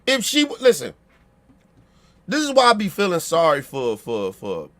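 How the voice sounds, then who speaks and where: High-voiced man with a Baltimore accent. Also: a bit bright. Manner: blunt, profane, repeats himself and asks for agreement. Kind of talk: casual opinion rant.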